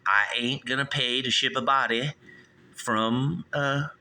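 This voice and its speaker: Rambling bright-voiced man hosting a call-in show. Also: medium pitch, fairly even intonation, unhurried. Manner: rambling, acts out both sides of made-up conversations; keeps plugging the show's phone number. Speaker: host of his own call-in show. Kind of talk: rambling comedic monologue. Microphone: studio microphone.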